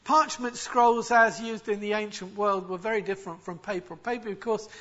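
A man preaching with a very high, bright and forceful voice. He explains his text emphatically and often restarts words mid-phrase. The recording sounds a little dull and lo-fi. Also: fairly even intonation, normal speed. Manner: expository, emphatic, with frequent restarts. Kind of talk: sermon.

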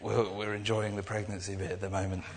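Rambling young preacher in a hall. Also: male voice, fairly low pitch, level tone, quick pace. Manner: rambling and earnest, with many restarts. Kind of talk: informal sermon. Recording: echoey hall.

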